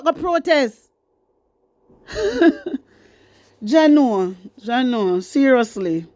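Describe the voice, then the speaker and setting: A woman's voice: sits high, a little mellow, no room sound, studio quality. A woman with a Jamaican accent giving fiery, scolding news commentary, repeating herself for emphasis. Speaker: commentary host.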